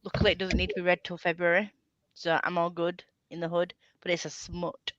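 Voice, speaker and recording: A woman hosting a casual bookish group video call, chatty and quick to laugh. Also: lowish voice, little pitch movement, dry recording, dull audio. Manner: chatty, laughs often, reads comments aloud. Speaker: booktube host.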